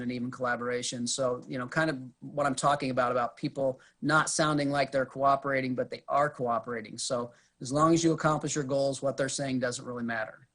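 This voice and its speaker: A man's voice: mid-range voice, steady tone, brisk, fairly bright tone. Man, police officer, conversational, acts out quotes, video call presentation. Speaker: police officer giving a training talk. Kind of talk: presentation to a review board.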